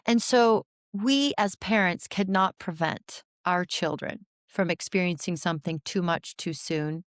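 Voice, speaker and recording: A woman in her forties, a therapist talking as a podcast guest, explaining with animated energy and frequent restarts. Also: on the low side, a little slow, dry recording, studio quality. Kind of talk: podcast interview conversation.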